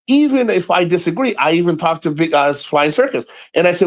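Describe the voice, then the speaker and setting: A man hosting a casual livestream, talking to viewers by name and ranting in a profane, animated way with frequent laughs. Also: sits high, a little fast. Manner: laughs often and repeats himself. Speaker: livestream host.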